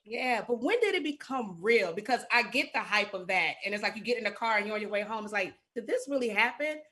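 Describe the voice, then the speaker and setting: Excited woman hosting an interview. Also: medium pitch, fast. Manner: excited, chatty. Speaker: interview host. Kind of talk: casual interview.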